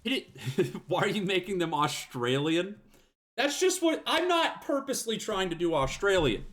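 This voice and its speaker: Lively joking man streaming a game. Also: sits high, moderate pace. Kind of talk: casual game commentary.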